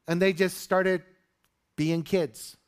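This preacher's voice is high and clean, and he delivers slowly. Before his congregation in the sanctuary, he narrates a story with lively energy, acting out each quote.

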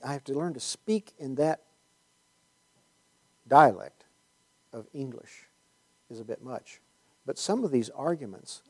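A man from the United States with a warm, medium-pitched voice leads a casual Bible teaching session. His talk meanders, full of fillers and false starts, with wry comments dropped in along the way.

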